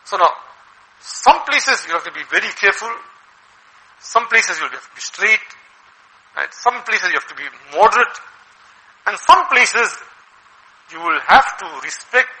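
A male preacher with a high voice and a very sharp, forceful tone. He delivers his sermon in an animated way, firing off rhetorical questions at the congregation. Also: measured pace, pauses often, poor audio. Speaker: Islamic preacher.

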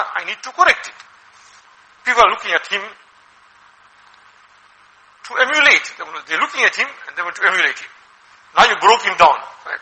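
A man preaching a sermon as an Islamic preacher, animated and full of rhetorical questions. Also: high voice, low-quality recording. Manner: animated, asks rhetorical questions, acts out quoted voices.

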